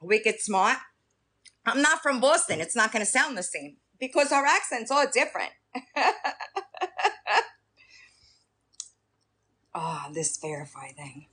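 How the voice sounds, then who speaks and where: A woman with a thick New York accent talks to her live-stream chat in an unhurried, easy way. Her voice sits a bit high and bright, and it swings up and down with plenty of life. She laughs often as she goes. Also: sing-song, breathy edge. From Staten Island, New York.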